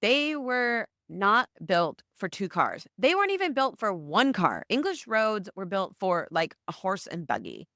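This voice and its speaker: An American woman hosting a solo podcast, telling stories in a chatty, animated way. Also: medium pitch, a little slow, few pauses, no room sound, clean studio sound. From United States. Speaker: podcast host.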